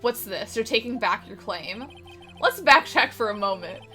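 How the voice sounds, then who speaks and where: A woman doing a deep-voiced stern prosecutor. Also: animated, normal speed, bright, forceful tone, faint music behind. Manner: lowered deep man voice.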